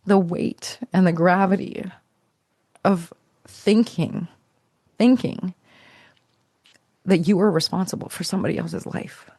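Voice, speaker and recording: A podcast guest shares her own story in a lowish, darkish voice with a gravelly edge. Her delivery is searching and reflective, full of restarted phrases that trail off, captured in a dry, close recording with no room sound.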